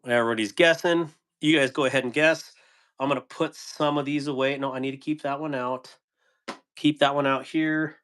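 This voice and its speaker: A man's voice: mid-range voice, fairly even intonation, normal speed, a bit bright, smooth. A man hosting a casual live stream about knives, rambling, chuckling often and answering viewers' chat. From United States. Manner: laughing, rambling, reading chat. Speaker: knife channel host on a live stream.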